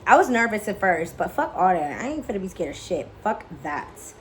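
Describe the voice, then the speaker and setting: A young woman vlogging in a casual, candid way, swearing freely, full of "like" fillers and excitable chatter. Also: mid-range voice, brisk, a little hiss or hum. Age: young adult. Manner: candid, profane, lots of "like" fillers. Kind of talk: casual vlog chat.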